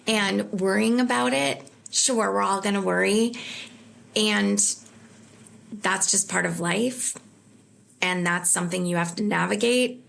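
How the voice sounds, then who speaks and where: Woman, comedian guest, candid storyteller, gravelly edge, mid pitch. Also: unhurried. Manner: candid, earnest storyteller with self-deprecating warmth. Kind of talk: conversational interview.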